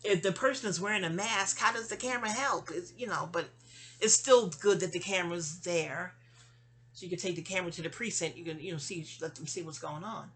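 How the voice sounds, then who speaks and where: Woman host, husky, loose rambling vent, audio-only monologue. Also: lowish voice, fairly quick, a bit bright. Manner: rambling, many restarts and trailing asides. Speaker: channel host. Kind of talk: casual venting monologue.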